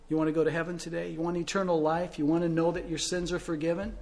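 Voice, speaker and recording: A male pastor preaching a sermon, telling stories and asking rhetorical questions, swinging between loud and soft. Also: on the high side, steady tone, quick pace, few pauses.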